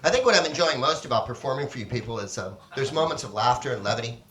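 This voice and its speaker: A man's voice: medium pitch, lively intonation, rapid-fire. A man doing a stand-up comedy set, bantering sardonically and profanely with a live audience. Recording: roomy live club recording, loud crowd noise.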